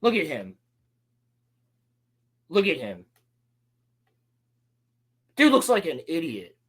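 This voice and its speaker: A man co-hosting a casual podcast, recapping a show sarcastically and mocking the characters in quick put-on lines. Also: a little high, wildly swooping pitch, fairly bright tone, husky. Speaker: podcast co-host.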